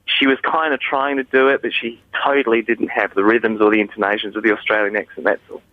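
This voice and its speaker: A man's voice: fairly low pitch, flat delivery, fast talker, no echo, phone-quality sound. A man guesting as an accent coach on a radio show, chatting casually, laughing often and explaining with hesitant fillers. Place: radio studio.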